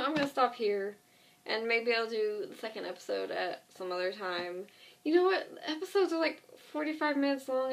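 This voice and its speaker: A woman's voice: fairly high pitch, distant mic, slight background noise. A young woman casually retelling a TV episode to a friend, rambling with lots of "like" and the odd swear word. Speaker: vlogger.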